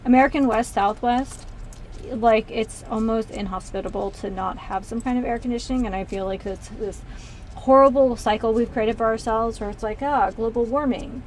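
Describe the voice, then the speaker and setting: A woman's voice: mid-range voice, a little mellow, slight background noise. A woman in her thirties chatting casually while building Lego on a stream, rambling through many asides from a small converted closet. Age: 30s.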